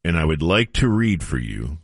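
A man's voice: rumbling low, big pitch swings, normal speed, vocal fry, no echo, clean studio sound. A middle-aged man hosting a casual radio show, reading an old news story aloud with playful drama.

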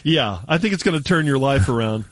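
Man, radio host, joking banter, lively pitch, dry studio mic. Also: a little fast, dry recording. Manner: joking, laughing often.

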